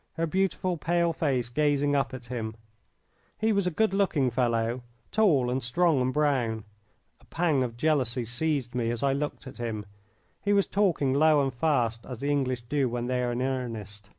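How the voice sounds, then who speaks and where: A man reading an old adventure story aloud in the first person, measured and expressive, close to a studio mic. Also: mid-range voice, no echo. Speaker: audiobook narrator.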